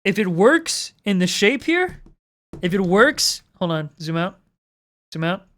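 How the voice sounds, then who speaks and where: A woman live-streaming as she draws, talking in an easy, drawn-out way at an ordinary pitch. She swears casually and keeps up a running, self-mocking commentary addressed to her viewers. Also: sing-song. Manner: swears freely, self-mocking, talks to chat. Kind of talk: casual live-stream chat while drawing.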